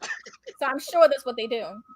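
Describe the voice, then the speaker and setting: A woman co-hosting a wrestling aftershow, giving blunt, exasperated opinions with sharp retorts in casual chat. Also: sits high, expressive, a little slow, no echo.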